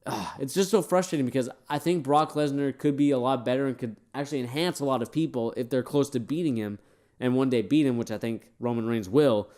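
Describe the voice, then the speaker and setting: A man's voice: medium pitch, a little fast, warm tone. A man giving casual, opinionated commentary on a wrestling event, rambling with fillers and sounding tired. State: tired, yawning. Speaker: wrestling show reviewer.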